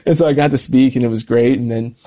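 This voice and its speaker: A young man as an interview guest, telling his story in quick, animated casual talk with plenty of slang. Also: medium pitch. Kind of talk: casual conversation.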